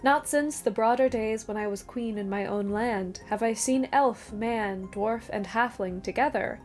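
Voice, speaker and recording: A woman's voice: on the high side, a little slow, darkish tone, faint music behind, natural voice. A woman reading the lines of an aloof, regal elf queen in a stately way.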